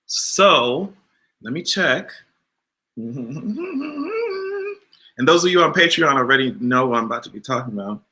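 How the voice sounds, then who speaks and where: A man hosting a casual livestream, animated and exasperated, swearing freely and answering his chat. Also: mid-range voice, unhurried, pauses often. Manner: animated, exasperated, profane, talks back to chat. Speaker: YouTube livestream host.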